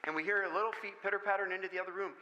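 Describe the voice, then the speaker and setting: A man from Michigan speaking at a school parent meeting, telling jokey stories in an animated way. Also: high voice, rapid-fire, poor audio. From Michigan, USA. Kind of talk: lively talk with stories.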